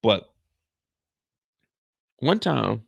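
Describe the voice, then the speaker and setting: A man hosting a casual show recap, telling stories loudly with lots of profanity and acting out the dialogue. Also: medium pitch, extremely slow, gravelly, slightly rough, no room sound. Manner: loud, profane, animated, acts out dialogue. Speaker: show host.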